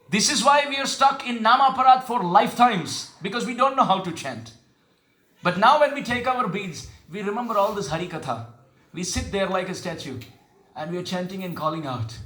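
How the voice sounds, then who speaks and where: Male preacher with a high, bright voice; asks listeners questions, intones verses slowly; echoey hall. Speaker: spiritual teacher. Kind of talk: devotional sermon with call and response.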